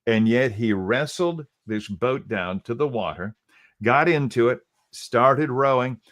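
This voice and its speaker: A man's voice: mid-range voice, unhurried, a bit bright. A middle-aged man, a radio host casually retelling a story he covered, quoting people with many "he goes" and restarts.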